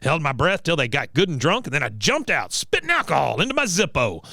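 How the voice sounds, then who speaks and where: A man's voice: on the high side, sing-song, a little fast, pushed and bright, no echo, exaggerated voice. A man putting on the voice of a cranky, boastful old male war veteran while recapping a cartoon episode. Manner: gruff, barking, boastful.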